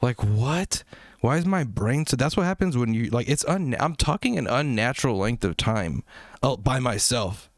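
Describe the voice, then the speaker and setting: A man's voice: mid-range voice, expressive, moderate pace, no echo. A man hosts a music review livestream, rambling cheerfully to his viewers and swearing as he goes. His voice sits mid-range and sounds dry and close to the mic. He talks loosely and jumps between thoughts. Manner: rambling, profane, self-deprecating, chatty with viewers. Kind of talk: casual livestream chat.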